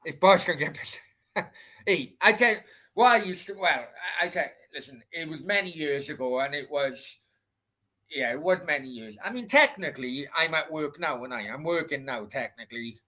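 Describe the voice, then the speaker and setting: Chatty Welsh man with a bright voice. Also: fairly high pitch, expressive, normal speed. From Wales. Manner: rambling, chatty, sweary, many restarts. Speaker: livestream host answering chat. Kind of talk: casual late-night chat.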